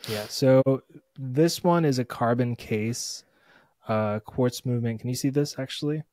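A man's voice: mid-range voice, unhurried, a little mellow, no room sound. A man co-hosting a podcast in casual chat, laid-back and full of fillers while he talks through a segment. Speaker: podcast co-host.

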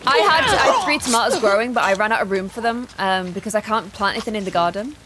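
A woman's voice: mid-range voice, lively intonation, quick pace, a crowd in the background. A woman streaming a game live, chatting casually, reading in-game notes aloud and greeting viewers in chat. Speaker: gaming streamer.

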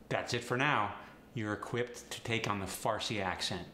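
A man's voice: on the low side, moderate pace, pushed and bright. A man teaching an accent step by step, with emphatic, encouraging and carefully articulated drills. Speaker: accent coach. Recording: roomy echo with faint background noise.

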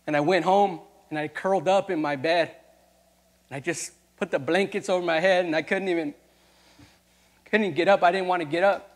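A male youth pastor giving a personal testimony in a sermon, moving from quiet storytelling to loud, impassioned preaching that calls out to the congregation. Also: high voice, steady tone, normal speed, in a large hall.

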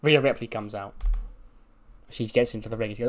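A man's voice: lowish voice, steady tone, brisk, pauses often, a little hiss or hum. A man casually narrating a wrestling sim playthrough, with lots of fillers. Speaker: game commentator.

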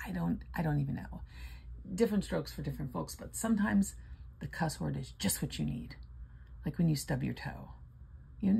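A woman's voice: low voice, vocal fry, a little mellow, breathy edge. An older woman casually chatting and reading out numbers while scratching lottery tickets, playful and sleepy. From Florida. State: sleepy, yawning.

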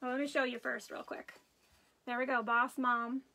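A woman's voice: on the high side, moderate pace, creaky, a little hiss or hum, rough recording. A woman hosting a craft live stream, chatting casually and telling stories to viewers while she works. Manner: chatty, animated storytelling, greets viewers while working.

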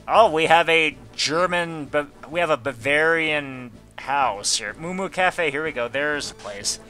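A man's voice: on the high side, a little slow, sharp tone, soft background music. A man giving casual gameplay commentary, reading game text aloud and adding goofy asides. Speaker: let's player.

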